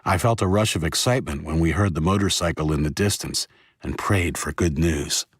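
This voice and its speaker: Male audiobook narrator, low husky voice, steady delivery, dry close sound. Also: brisk, no echo. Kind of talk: first-person audiobook narration.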